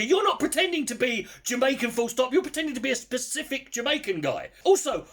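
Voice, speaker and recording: A man with a very high voice, ranting to camera about a film he disliked. His pitch jumps all over the place as he mocks and swears, and he keeps stumbling and restarting mid-sentence in his exasperation. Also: fairly bright tone. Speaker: film reviewer. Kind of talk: casual rant to camera.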